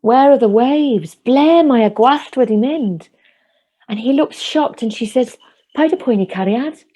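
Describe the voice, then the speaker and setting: A woman telling a folk tale at an online concert over a video call, gentle, measured and vivid. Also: a little high, husky. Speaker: folk storyteller.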